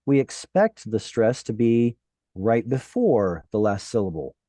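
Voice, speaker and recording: Slow, lively-voiced male Hebrew teacher. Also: fairly low pitch, no room sound. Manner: patient, questioning students. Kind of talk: online class teaching.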